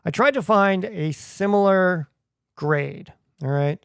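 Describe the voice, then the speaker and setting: A man's voice: high-pitched, slow, creaky, clean tone, no echo, clean studio sound. A man hosting a retro video game podcast, talking casually with jokey asides. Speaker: podcast host.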